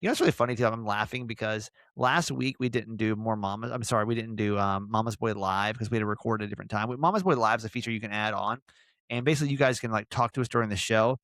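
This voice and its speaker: A man hosting a casual podcast, his voice carrying a gravelly, fry-tinged texture. He rambles in a loose, self-mocking way, full of fillers and restarts. The sound is dry and close, with no room echo. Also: on the low side, fast, fairly bright tone. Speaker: podcast host.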